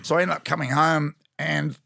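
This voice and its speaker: A man's voice: on the high side, level tone, normal speed, creaky, sharp tone, no echo, studio quality. An Australian former rugby league player in his fifties, telling rambling, blokey stories with slang on a podcast. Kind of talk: casual storytelling chat.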